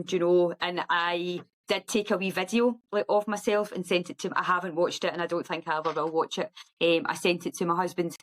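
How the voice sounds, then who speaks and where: A Scottish woman, a guest on an interview show, telling her story in a lively way and acting out the voices of the people in it. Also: on the low side, low-quality recording. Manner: animated storyteller who acts out quoted speech. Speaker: podcast guest, ultra runner.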